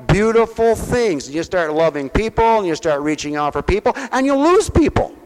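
A man preaching at a mission with a slightly high voice that rings out in a hall with a long echo. He talks in a folksy, direct way, asking his listeners questions, and moves between loud preaching and soft, close talk. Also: smooth. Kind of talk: sermon.

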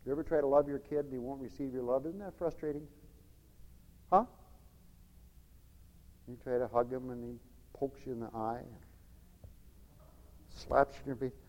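A man preaching a radio sermon, animated, acting out the whining voices of children as he goes. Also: mid-range voice, normal speed, pauses often, long reverb tail, dull audio.

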